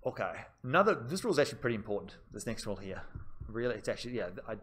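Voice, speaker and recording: A man's voice: mid-range voice, big pitch swings, very fast, fairly bright tone, a little hiss or hum. Chatty man lecturing a class. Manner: chatty, conversational, repeats key points, addresses students directly. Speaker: business law lecturer. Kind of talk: live seminar lecture.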